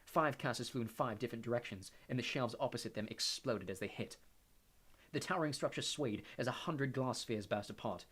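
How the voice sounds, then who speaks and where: A man reading a fantasy audiobook aloud in a steady, measured narration. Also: medium pitch.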